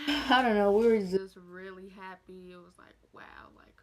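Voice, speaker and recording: A woman's voice: medium pitch, moderate pace, poor audio. A young adult woman vlogger telling her birth story in a casual, emotional, rambling way with lots of fillers.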